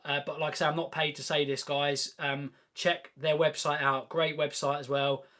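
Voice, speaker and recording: A man's voice: on the high side, flat delivery, moderate pace, bright, forceful tone. A young man hosting a live car Q&A, chatting casually and enthusiastically, with plenty of ums and restarts. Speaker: host of a car channel live Q&A. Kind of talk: casual live-stream Q&A chat.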